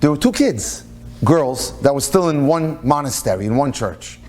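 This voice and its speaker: A man's voice: medium pitch, normal speed, soft background music. A man, a rabbi, telling a story during a presentation and acting out the people in it, with Hebrew and Yiddish religious terms mixed into his talk. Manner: animated storyteller who acts out the people in his stories. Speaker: rabbi and lecturer.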